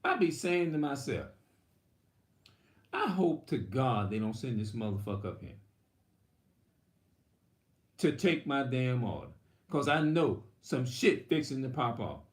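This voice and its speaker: A man's voice: medium pitch, big pitch swings, measured pace, pauses often, echoey room. A man preaching in a rambling, heated, profane monologue. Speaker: religious video host.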